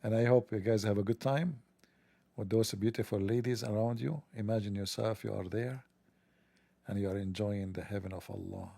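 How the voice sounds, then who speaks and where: A man with a gravelly, dark voice delivers a sarcastic monologue, heavy on mockery and rambling asides. The sound is dry and close. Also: fairly low pitch, fairly even intonation, normal speed, no echo. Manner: mocking, joking, rambling asides. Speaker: religion commentator.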